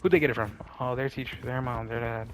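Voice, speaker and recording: Gaming on stream, a young man chats casually at a quick pace, full of slang and filler words. His voice is medium-pitched with fairly even intonation. Background noise is audible.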